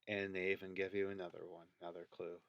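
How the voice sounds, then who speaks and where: A man's voice: sits low, little pitch movement, quick pace, dull audio. A man giving casual commentary over video clips, thinking aloud and counting things out as he points them out. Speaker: video creator.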